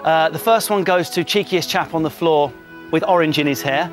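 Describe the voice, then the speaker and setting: A man with a Cockney accent doing a cheeky comic monologue on a TV panel show, riffing quickly. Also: a little high, over music. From London. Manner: quick cheeky jokey delivery, mimicking people. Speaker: comedian panelist.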